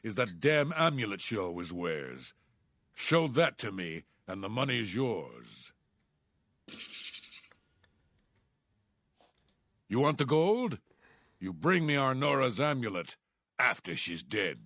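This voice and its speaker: A man's voice: lowish voice, very animated, unhurried, a bit bright, dry recording, clean studio sound, heavily acted. An actor voicing a bitter, jailed male thief who plots revenge, in a resentful, conspiratorial tone, from a fantasy video game. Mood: vengeful.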